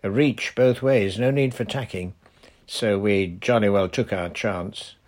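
A man voicing a bold, cheerful young girl pirate captain in a storybook reading, loud and bossy. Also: lowish voice, unhurried, a little hiss or hum, natural voice. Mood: hearty.

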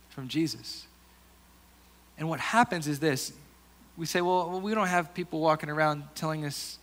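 A man delivers a sermon with a slightly higher pitch than most men. He speaks earnestly and conversationally, restarting phrases and sinking into quieter asides before lifting again. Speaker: pastor.

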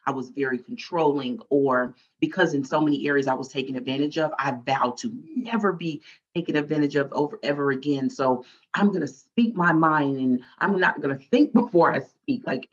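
Woman guest, husky voice, candid faith testimony, muffled lo-fi sound. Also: low voice, fairly quick. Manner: candid and heartfelt, acts out her past self in lively quotes.

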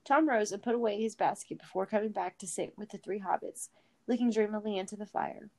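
A woman casually reading a story chapter aloud, relaxed, with chatty asides and some yawning. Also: mid-range voice, a little fast. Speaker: reader.

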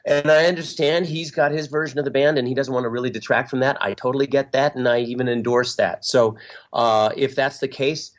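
A man's voice: mid-range voice, flat delivery. Middle-aged male musician guest, thoughtful, hesitant delivery, dull lo-fi recording. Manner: halting, reflective, with frequent fillers and restarts. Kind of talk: casual interview talk. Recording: dull lo-fi sound.

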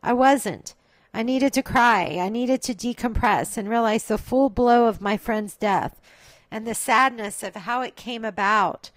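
A woman's voice: a little high, unhurried, no echo, low-quality recording. A woman hosting a podcast, telling a reflective, confessional personal story. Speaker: podcast host.

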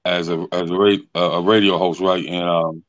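A man's voice: deep voice, level tone, moderate pace, no echo, muffled recording. A man hosting a casual interview, laid-back and repeating words as he works toward his questions. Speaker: podcast host.

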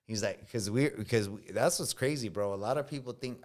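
Deep-voiced man telling war stories. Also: normal speed, hardly any pauses, a little mellow. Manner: slangy, says bro a lot, swears freely. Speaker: military veteran podcast guest. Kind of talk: casual podcast storytelling.

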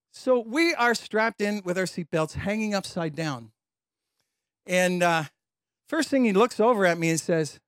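Animated high-voiced male preacher. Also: a little slow, clean tone, dry recording, clean studio sound. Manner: animated, laughing storyteller acting out voices. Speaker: pastor. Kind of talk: storytelling sermon.

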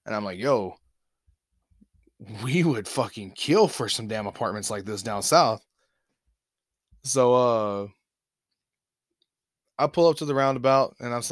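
A young man from Alabama spins a rowdy, swear-filled story for his podcast listeners. His voice sits at an ordinary middle pitch, recorded close and dry with no room sound. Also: dry recording. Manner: profane, animated anecdote-telling with laughs. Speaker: podcast host. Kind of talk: casual storytelling.

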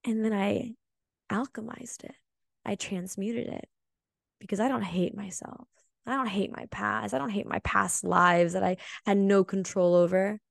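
A woman talks alone on her spiritual podcast, earnest and openly emotional as she tells a personal story. Her delivery is slow and reflective, at a middling pitch. The recording is dry, with no room sound. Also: steady tone, creaky, dry recording. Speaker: podcast host. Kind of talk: solo spiritual podcast monologue.

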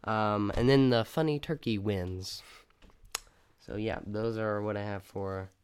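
A man's voice: on the low side, steady tone, a little slow, smooth. A young man co-hosting a casual podcast, joking around playfully and laughing often. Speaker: podcast co-host. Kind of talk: casual chat.

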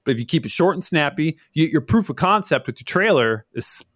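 A man's voice: a little high, expressive, fairly quick, a bit bright. A man hosting an interview, asking questions in a laid-back, chatty way with lots of fillers. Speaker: podcast host. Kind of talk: casual interview chat.

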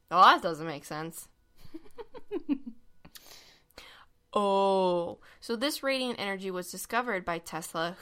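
A woman's voice: lowish voice, pushed and bright, clear, resonant tone. A young woman hosting a casual podcast chat, explaining a conspiracy story with lots of fillers and laughs. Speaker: podcast co-host.

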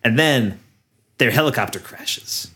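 A man's voice: mid-range voice, animated, unhurried, pushed and bright. Chatty man recapping a film with a laugh. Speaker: podcast co-host. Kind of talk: casual chat.

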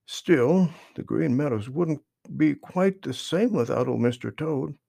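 A man's voice: fairly high pitch, expressive, measured pace, gravelly, warm tone, heavily acted. A man voicing a kind-hearted little male skunk in a storybook reading, grumbling and eager.

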